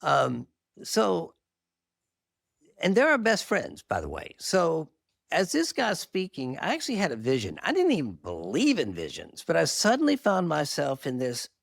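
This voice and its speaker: Animated gravelly middle-aged man. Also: fairly high pitch, moderate pace, no room sound, studio quality. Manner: animated, earnest testimony with self-deprecating laughs. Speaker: marriage therapist guest. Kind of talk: candid storytelling interview.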